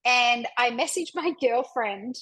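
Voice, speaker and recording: A woman's voice: a little high, takes it slowly, a bit bright, rough recording. A woman hosting a podcast, telling a personal story in an open, emotional way with lots of "like" fillers. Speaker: podcast host and women's coach.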